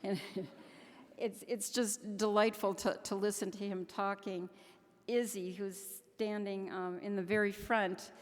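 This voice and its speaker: A woman's voice: mid-range voice, little pitch movement, unhurried. An older woman, a grandmother, giving an earnest, heartfelt speech to a conference audience, sometimes stopping and restarting her sentences. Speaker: keynote speaker at a conference. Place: large conference hall. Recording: long hall reverb.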